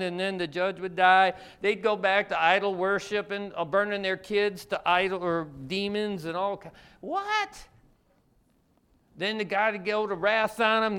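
A man's voice: high voice, a bit bright, smooth. A man preaching a conversational Bible-teaching sermon in a colloquial way, full of rhetorical questions.

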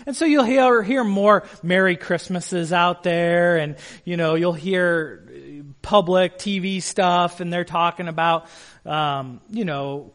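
Man, pastor, sermon, high voice, slow deliberate delivery, emphatic, questions to the listeners. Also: fairly bright tone. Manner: emphatic, asks the congregation questions.

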